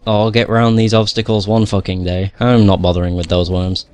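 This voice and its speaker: A man's voice: fairly low pitch, little pitch movement, moderate pace, a little mellow, clean tone, no echo. A young man giving casual gameplay commentary, swearing a lot, grumbling at the game and laughing at himself. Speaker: gamer playing through a video game.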